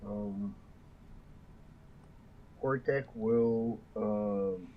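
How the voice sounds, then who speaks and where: A man's voice: fairly low pitch, very slow. A man playing a tabletop role-playing game who answers in character, hesitant and full of "um"s. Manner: hesitant, with many "um"s. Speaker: player. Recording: dull lo-fi mic with faint noise.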